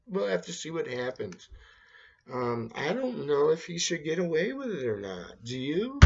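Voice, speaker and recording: A man's voice: fairly high pitch, very animated, normal speed, gravelly, slightly rough, dull audio. A man hosting his own show, talking through the news in a rambling, sarcastic monologue. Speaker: host. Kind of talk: casual monologue reading news.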